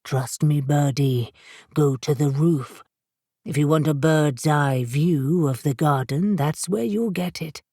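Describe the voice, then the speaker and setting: A woman voicing a male cat familiar, low and grave, slow and cryptic, storybook reading, dry sound. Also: dark tone, dry recording, full character voice. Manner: grave, terse, unhurried.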